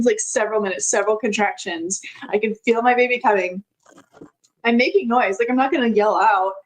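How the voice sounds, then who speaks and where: A woman's voice: mid-range voice, low-quality recording. A woman telling a personal story as a podcast guest, in a chatty way with frequent laughs and many filler words.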